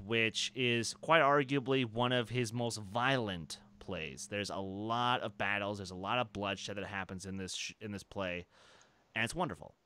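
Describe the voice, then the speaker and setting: Bright, clear-voiced man hosting a podcast. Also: on the low side. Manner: enthusiastic, rambling, laughs often. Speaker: podcast host. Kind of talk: casual podcast chat.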